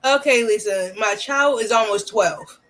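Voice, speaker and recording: A woman's voice: on the high side, unhurried, a bit bright. A woman in a casual live-stream chat, laughing hard and exclaiming as she talks. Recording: camera switched off, voice only.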